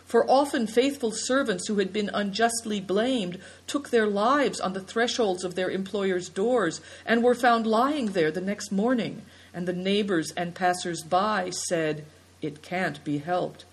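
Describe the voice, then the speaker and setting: A woman reading a story aloud as narrator, lifting her pitch to voice the characters. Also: a little slow, few pauses, breathy edge. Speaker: audiobook narrator.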